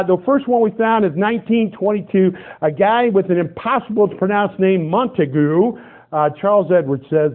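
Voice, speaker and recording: A middle-aged man preaching a sermon, his voice sitting a little high. He tells stories with animated energy and breaks into loud, excited outbursts. The sound is thin and tinny, like a phone line. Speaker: pastor.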